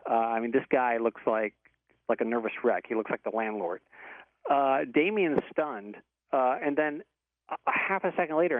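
A man's voice: medium pitch, dry recording. Rambling storyteller man, tinny phone sound. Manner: rambling, with many restarts and fillers. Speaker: professor telling a story. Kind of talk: casual storytelling.

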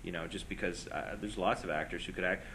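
Low-voiced man arguing about films. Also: fairly even intonation, fast talker, gravelly, pushed and bright, slight background noise, low-quality recording. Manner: argumentative, talks in long reasoned runs. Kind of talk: casual film debate.

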